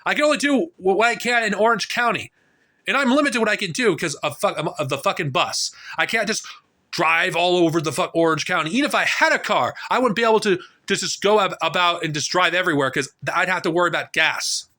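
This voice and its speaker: A man's voice: high-pitched, a little fast, pushed and bright. A man in his thirties delivering an angry, profane political rant to a camera, talking heatedly and restarting his sentences often. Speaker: political vlogger. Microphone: camera mic.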